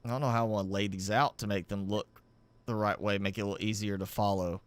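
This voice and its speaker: A man streaming a game live, thinking aloud as he builds, with halting, self-correcting talk. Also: fairly low pitch, fairly even intonation, smooth, dry recording. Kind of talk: live gameplay commentary.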